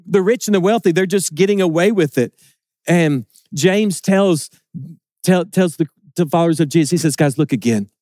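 High-voiced man preaching a sermon. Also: a little mellow, no room sound, clean studio sound. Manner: earnest, repeats words when building emphasis.

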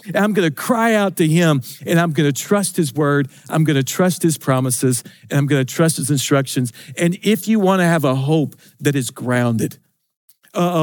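High-voiced man preaching earnestly. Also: no room sound, studio quality. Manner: earnest preaching with many restarts and repeated phrases; swings between raised and lowered pitch for emphasis. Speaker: pastor. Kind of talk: sermon.

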